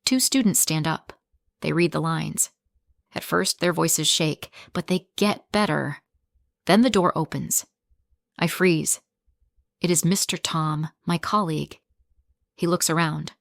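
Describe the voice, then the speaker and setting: A woman narrating a graded English reader story in the first person, with slow, clear, simple phrasing for learners. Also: fairly low pitch, a bit bright, no echo, clean studio sound.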